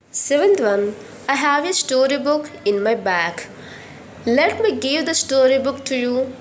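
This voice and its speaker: A woman with an Indian English accent teaches a grammar lesson in a fairly high voice. She repeats each sentence, spells words out and checks in with the class. A faint hiss sits under the recording.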